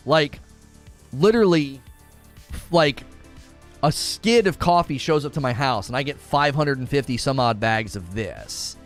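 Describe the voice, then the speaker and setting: A man live-streaming, chatting casually and reading viewer comments as he rambles with frequent restarts. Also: medium pitch. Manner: rambling, reads chat aloud, many restarts.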